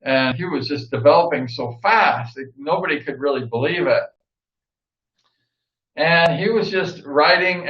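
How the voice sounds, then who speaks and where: An older man, a former racer, telling stories in a rambling, casual way, repeating himself and acting out what others said. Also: a little high. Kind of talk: casual storytelling monologue. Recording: echoey room, dull lo-fi sound.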